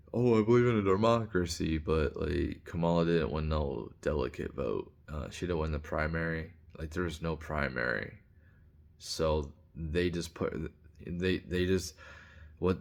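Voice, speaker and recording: Blunt, rambling man with a deep voice. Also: vocal fry. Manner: rambling, blunt, frequent restarts and filler words. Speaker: commentator. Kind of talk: casual opinion monologue.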